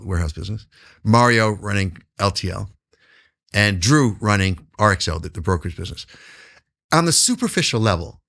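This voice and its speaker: A man's voice: mid-range voice, a bit bright. A man answering interview questions as a business guest, emphatic and repeating words for stress.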